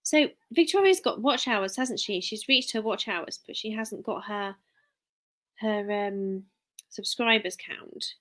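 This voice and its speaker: A woman's voice: medium pitch, slow, fairly bright tone. A woman chats on a live stream in a loose, wandering way. She reads viewer names aloud and breaks off mid-sentence to try again. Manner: chatty and rambling, reads viewer names aloud, many restarts. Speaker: live streamer, work-from-home mum. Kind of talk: casual live-stream chat.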